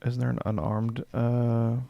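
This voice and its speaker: Casting: gravelly, lowish male streamer, dry close-mic sound, casual thinking-aloud chat. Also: level tone, unhurried, no room sound, muffled recording. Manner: muses aloud, reads rules text, answers chat. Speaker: streamer building a game character.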